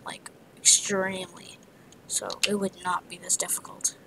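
A woman's voice: lowish voice, monotone, measured pace, creaky, rough recording. A woman narrating her own gameplay, muttering to herself in a half-whisper with frustrated outbursts. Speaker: gamer. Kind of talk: let's play commentary.

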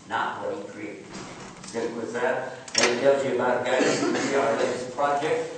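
A man giving a humorous storytelling lecture to an audience, chatty, joking with listeners and asking them questions. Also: mid-range voice. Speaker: guest speaker. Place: large echoing lecture hall. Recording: very echoey hall, voice from far off, background noise.

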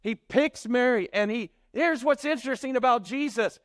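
A man preaching a sermon, telling the story in animated fashion and acting out the voices of its characters. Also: very high-pitched, normal speed, dry recording, studio quality. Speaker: pastor.

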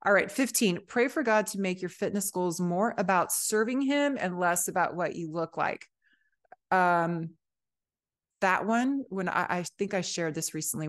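A woman with a slightly low-pitched voice hosts a faith-based fitness podcast. She talks straight to her listeners in an exuberant, preachy pep-talk style and keeps calling them sister. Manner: reads scripture aloud. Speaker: podcast host.

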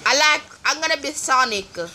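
A gaming video host giving playful, silly commentary while playing, with drawn-out chants. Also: sits high, lively intonation, heavy background noise. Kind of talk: casual gameplay commentary. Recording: game music clearly behind.

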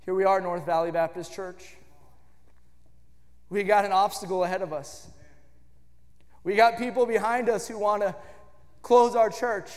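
High-voiced man preaching in a reverberant church. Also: steady tone, normal speed, pauses often. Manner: emphatic preaching cadence that swells into shouts. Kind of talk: sermon. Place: church sanctuary. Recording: long reverb of a church hall.

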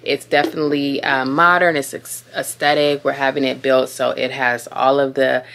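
A woman's voice: a bass voice, level tone, normal speed, a bit bright, slight background noise. A young woman vlogging at home, chatting casually about beauty and perfume and calling her viewers dolls. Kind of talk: casual beauty vlog chat. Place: room at home, closet. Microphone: camera mic.

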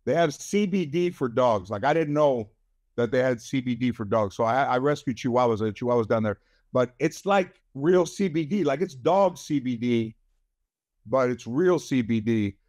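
An older man, a comedian guest, telling stories in a casual chat, going from quiet asides to punchy lines. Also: medium pitch, normal speed, dry recording, studio quality. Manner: animated storyteller, drops to quiet asides then punches up. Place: radio studio.

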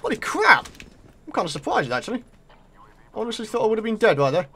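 A man with a British accent commentating live on his own gameplay, excitable and taunting his opponents. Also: high-pitched, rapid-fire, slight background noise. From Britain. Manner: excitable, talks to opponents and viewers. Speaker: gaming video creator.

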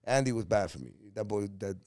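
A man in his fifties from Puerto Rico, an actor telling profane, animated stories as an interview guest. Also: fairly low pitch, fast talker, no echo, studio quality. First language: Spanish. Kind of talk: casual storytelling interview.

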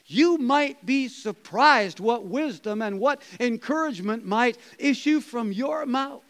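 A man, a pastor, preaching a conversational sermon, chuckling and dropping to soft quoted asides. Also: extremely high pitch, poor audio. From Canada.

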